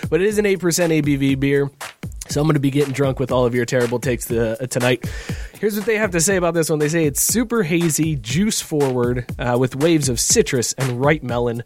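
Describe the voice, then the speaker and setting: A man's voice: medium pitch, lively intonation, a little fast, a little mellow, soft background music. A man hosting a casual podcast chat over a video call, loose and joking, laughing often. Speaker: podcast host.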